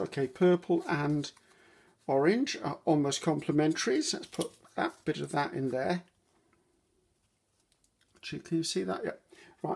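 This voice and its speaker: A woman's voice: low-pitched, breathy edge. A woman hosting a casual crafting tutorial, chatting directly to viewers while she handles and shows her materials.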